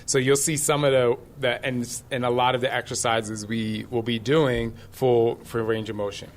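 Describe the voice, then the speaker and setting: A man hosts a live podcast at a venue, his voice sitting in an ordinary middle pitch. He tells stories in an animated, direct way and speaks to his listeners like old friends, dropping in laughing asides. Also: moderate pace, a little hiss or hum. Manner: lively and direct, addresses listeners casually. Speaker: podcast host and fitness trainer. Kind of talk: live podcast talk to an audience.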